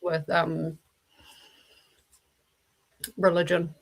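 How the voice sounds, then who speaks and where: A woman's voice: on the low side, monotone, very slow, creaky, poor audio. A woman with a New Zealand accent hosting a book club stream, chatting casually and telling stories with laughs. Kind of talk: casual chat.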